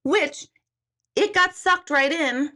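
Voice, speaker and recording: Speaking slowly in a high-pitched, sharp-toned voice, a woman hosts a live chat as an intuitive. She tells stories to her viewers, laughs a lot and reads their comments out loud.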